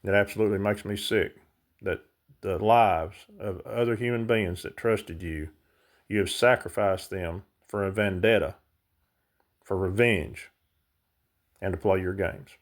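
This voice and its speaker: A man with a fairly low voice pours out an impassioned rant. He talks straight to his audience, heated and insistent. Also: measured pace, long pauses. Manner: heated, ranting, speaks directly to viewers. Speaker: vlogger. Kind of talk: impassioned monologue to camera.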